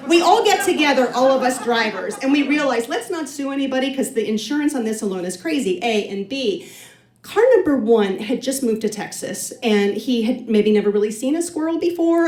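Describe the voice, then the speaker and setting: A woman's voice: high voice, darkish tone. A middle-aged woman telling a true story on stage to a live audience, in a chatty, self-deprecating comic way. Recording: roomy hall sound from a distance.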